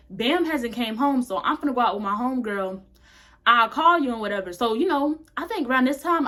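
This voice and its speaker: A woman's voice: a little high, a bit bright. A young woman casually telling a candid, slangy storytime to her camera. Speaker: vlogger.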